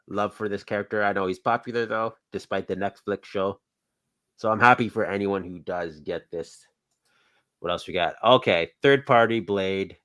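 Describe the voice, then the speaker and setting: A man's voice: on the low side, a bit bright. A man hosting a casual show, chatting about toys and films in an easygoing, rambling way. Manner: easygoing, rambling, thinks aloud. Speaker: podcast host.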